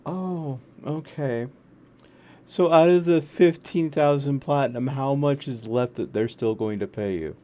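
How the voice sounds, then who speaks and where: A man playing a tabletop role-playing game, asking questions and thinking aloud in a wry, halting way. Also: medium pitch, dark tone, a little hiss or hum. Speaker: player. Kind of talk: casual tabletop game chat.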